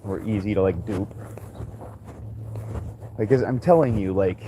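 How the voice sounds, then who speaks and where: A man's voice: on the low side, measured pace. A man ranting in a rambling, frustrated monologue while walking his dogs outdoors, swearing often and restarting his sentences. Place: outdoors on a walk. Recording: noisy outdoor ambience.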